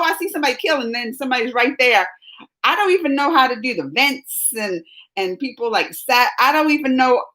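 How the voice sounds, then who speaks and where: Chatty high-voiced woman streaming. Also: poor audio. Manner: chatty, laughs often, animated storytelling. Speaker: live stream host reading chat. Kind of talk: casual live stream chat.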